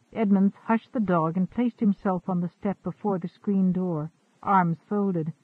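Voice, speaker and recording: Male storyteller, steady measured narration, high voice, dry and phone-thin. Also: no echo, narrow, tinny audio.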